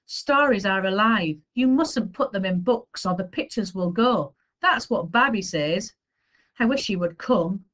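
A woman voices a young boy in a read-aloud storybook, a character passionate about oral storytelling who pleads earnestly and emotionally. Her voice is medium-pitched, animated and fairly bright, at a measured pace.

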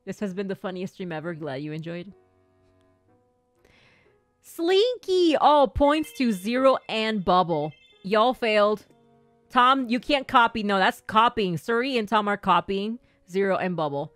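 A woman's voice: medium pitch, normal speed, a bit bright, no echo, soft background music. A woman gaming streamer chatting live with viewers, playfully acting as a strict teacher and laughing often. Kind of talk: livestream chat, playing a strict teacher to viewers.

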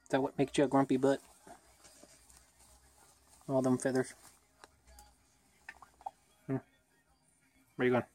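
A woman filming her pet bird at home on her phone, talking to it in baby talk that swings between low murmurs and high sing-song coos. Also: monotone, slow pace, long pauses, mellow. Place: home, indoors. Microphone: phone camera held in one hand.

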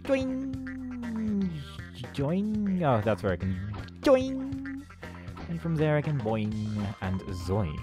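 A man narrating his playthrough of a video game with dry sarcasm, often breaking into hummed tunes and silly made-up songs. His voice swings widely up and down in pitch. Faint game music plays behind him. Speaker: game commentator. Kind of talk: let's play commentary.

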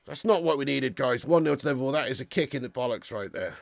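A man hosting a live football watch-along, swearing freely, swinging between shouts and low mutters, and reading out viewer messages. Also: expressive, fast talker, vocal fry, dry recording.

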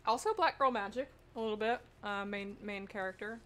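A woman's voice: medium pitch, fairly quick, fairly bright tone. A woman streamer giving casual, chatty gameplay commentary, giggly and self-mocking. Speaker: game streamer.

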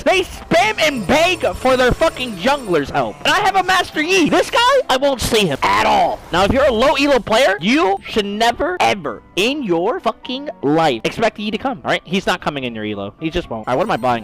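A man's voice: high voice, sing-song, normal speed, gravelly, hardly any pauses, fairly bright tone, soft background music, poor audio. A man streaming a video game, giving casual commentary in a brash, profane, trash-talking way.

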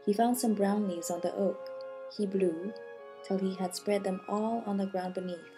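A woman narrating a storybook fable for children in a gentle, measured reading. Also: mid-range voice, steady tone. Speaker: audiobook narrator. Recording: music bed behind the voice.

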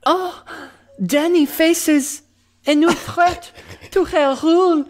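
A woman reading plot notes aloud in a hammy, sultry mock Spanish accent, drawn out and breathy. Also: extremely high pitch, fairly even intonation, very slow, voice pushed up, exaggerated voice. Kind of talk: comic put-on accent.

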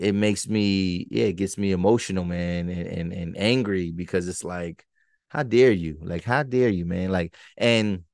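A man's voice: low-pitched, no echo, studio quality. A man hosting a podcast in casual solo commentary, emphatic and choppy, often repeating words as he gets worked up. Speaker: podcast host.

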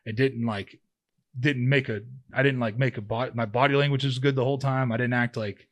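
A former pro football player in his thirties, appearing as a podcast guest, rambles through stories in a casual interview, constantly restarting and saying "like" among other fillers. He speaks briskly, at medium pitch, with fairly even intonation.

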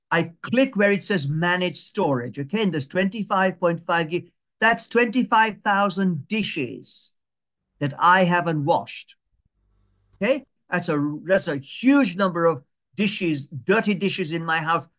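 The voice sits high, animated and a little bright, as a man patiently guides people through a digital skills lesson on a video call. He slowly repeats steps and checks that everyone is with him.

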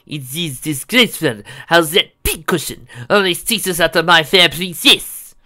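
A man's voice: fairly high pitch, expressive, unhurried, pushed and bright, voice pushed up, exaggerated voice. A man voicing a pompous, lovesick royal guard captain.

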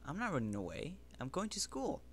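A man's voice: on the high side, wildly swooping pitch, brisk, a little hiss or hum. A man doing a skeptical schoolgirl. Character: suspicious but friendly schoolgirl, sharp-tongued.

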